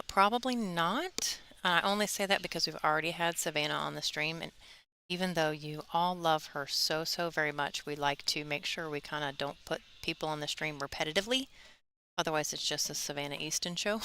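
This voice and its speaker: A woman's voice: low voice, fairly quick, pushed and bright, slight background noise. A woman commentating a live pool tournament stream in a chatty, casual way, laughing easily and plugging the stream. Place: tournament venue.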